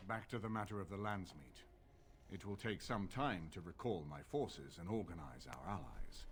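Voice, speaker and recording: A grave noble lord. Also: male voice, on the low side. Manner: formal, measured. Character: noble lord planning for war, measured and grave. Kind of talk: video game voice acting.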